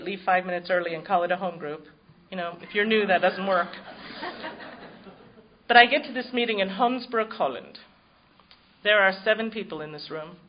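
A woman's voice: mid-range voice, lo-fi sound, slight background noise. A woman giving personal testimony at a recovery meeting, telling her story in a wry, self-mocking way.

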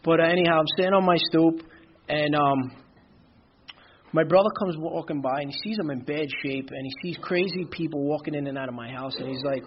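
A man's voice: a little high, brisk, highs cut off, slight background noise. A man giving a candid, rambling personal testimony at a recovery meeting, often saying "you know". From Brooklyn, New York. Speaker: speaker sharing his recovery story.

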